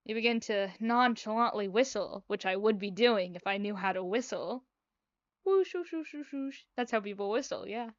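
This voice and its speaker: A woman's voice: medium pitch, fairly even intonation, fairly quick, hardly any pauses, no room sound, highs cut off. A young woman reading a visual novel aloud, with playful, chatty, self-mocking asides. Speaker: gaming video creator.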